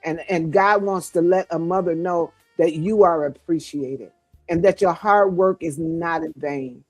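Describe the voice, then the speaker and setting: A woman's voice: fairly low pitch, unhurried, a little mellow, dry recording. Older woman, fervent sermon-like cadence, dry close recording, faint music underneath. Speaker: guest co-author. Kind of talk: preaching-style encouragement.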